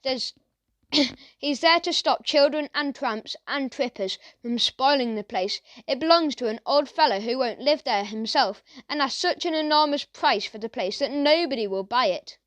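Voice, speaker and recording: A woman's voice: sits high, lively intonation, normal speed, fairly bright tone, no echo. A woman voicing a chatty, friendly male postman who gossips about a caretaker in a storybook reading. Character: chatty country postman, grumbling but friendly man. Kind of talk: children's audiobook character voice.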